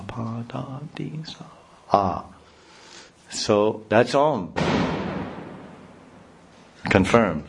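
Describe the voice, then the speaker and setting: A man with a somewhat low voice delivers a spiritual discourse. He talks in a loose, rambling way, full of restarts. He gets animated and sounds out syllables and noises to make his points. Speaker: spiritual teacher. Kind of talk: devotional discourse.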